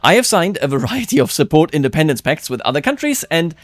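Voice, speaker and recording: A man's voice: sing-song, no room sound. Chatty man musing over a strategy game. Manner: chatty, musing aloud, quick jumps of pitch and loudness. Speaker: let's-play host. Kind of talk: game commentary.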